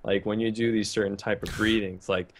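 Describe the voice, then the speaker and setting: A man's voice: fairly low pitch, level tone, fairly quick, a little hiss or hum. A man co-hosting a podcast, explaining an idea in a meandering way with many fillers and restarts. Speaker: podcast co-host. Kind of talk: casual chat.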